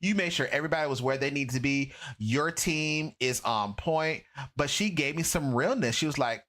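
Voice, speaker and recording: A man's voice: fairly high pitch, moderate pace. A middle-aged man, an educator turned consultant, chatting as a guest in an interview and acting out the people he quotes. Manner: lively storyteller who acts out quoted people. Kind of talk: casual interview chat.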